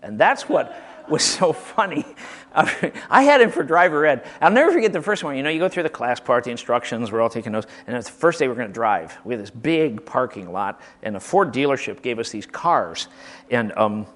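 A man's voice: medium pitch, brisk. A man from Michigan telling comic anecdotes about his old school teachers in a casual storytelling style. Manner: animated, comic, acts out quotes, frequent restarts.

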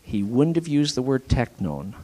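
A man preaching a sermon in a dramatic way, swinging from forceful emphasis to hushed whispers, with repeated rhetorical questions to his listeners. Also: mid-range voice, big pitch swings, normal speed. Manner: repetitive, rhetorical questions to the congregation.

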